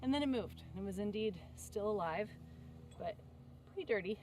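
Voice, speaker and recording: A woman's voice: medium pitch, animated, normal speed, a little mellow, faint music behind. A young woman telling rambling stories in a casual, chatty way while working on a fence outdoors. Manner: rambling, chatty, with many fillers and asides.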